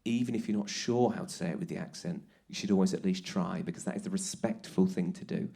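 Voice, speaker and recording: A man quoting his exasperated girlfriend as she lectures him, in his own low voice. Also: fast, vocal fry, warm tone. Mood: lecturing. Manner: lecturing, fed-up. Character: exasperated young woman, girlfriend, scolding.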